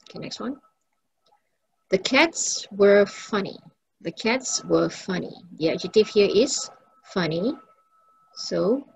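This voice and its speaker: A woman's voice: medium pitch, expressive, slow pace, gravelly, pauses often, slightly rough, lo-fi sound. A woman English teacher, giving a recorded lesson and patiently repeating each example sentence.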